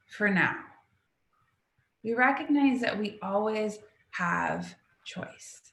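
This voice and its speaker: A young woman gives a storytelling talk, her voice bright and forward. She acts out the people in her story as she goes. The room adds a noticeable echo around her. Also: fairly low pitch. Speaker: speaker at a talk, intuitive. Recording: echoey room.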